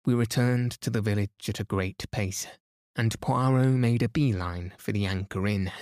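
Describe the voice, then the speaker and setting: A man narrating a classic detective story in a calm, steady bedtime reading meant to send listeners to sleep. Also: fairly low pitch, normal speed, no room sound, clean studio sound. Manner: soothing, steady. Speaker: podcast narrator.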